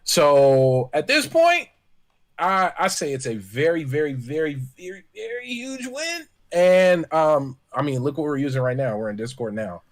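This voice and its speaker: A man on a casual panel chat, talking in a relaxed, conversational way. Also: a little high, normal speed. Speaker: podcast panelist.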